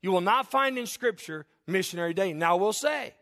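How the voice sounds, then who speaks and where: A middle-aged man preaching a sermon as pastor, animated, often acting out the voices of his listeners and the people in his stories. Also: high-pitched, fairly quick.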